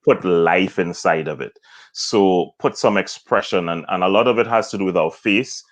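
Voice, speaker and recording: Deep-voiced man explaining voice technique. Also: normal speed. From Trinidad. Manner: explanatory, demonstrates points with acted examples. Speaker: voice coach guest. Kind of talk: interview explanation.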